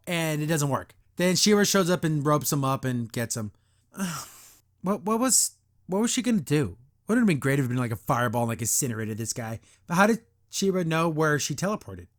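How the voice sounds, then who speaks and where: A man hosting a podcast, giving a casual review with exasperated, sarcastic commentary full of "like" fillers. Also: on the high side. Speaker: podcast host reviewing a cartoon.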